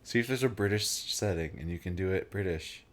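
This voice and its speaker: An American man co-hosting a let's play in casual, playful banter. His voice sits fairly low, and he teases his partner in easy, relaxed talk. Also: a little fast. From United States. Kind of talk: casual chat.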